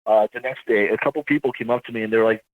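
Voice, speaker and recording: A man, an army veteran, telling his story in a casual interview, rambling and halting as he corrects himself. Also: lowish voice, steady tone, no echo, phone-quality sound.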